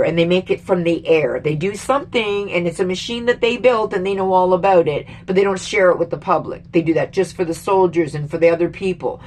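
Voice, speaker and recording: A middle-aged Canadian woman in a heated, swearing vlog rant, emphatic and exasperated, rambling with sudden jumps in pitch. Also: a little hiss or hum. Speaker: vlogger. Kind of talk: casual angry political rant.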